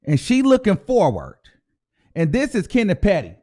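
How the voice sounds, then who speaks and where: Speaking at a moderate pace in a high-pitched voice, the host runs his own show with loose, profane commentary. He's animated and performs the voices of the people he quotes.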